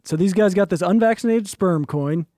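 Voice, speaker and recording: High-voiced guy cohost from germany, goofy joking bits, dry close mic. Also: normal speed, dark tone, no echo. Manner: joking, mock-pleading riffs. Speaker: podcast co-host. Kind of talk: casual comedic chat.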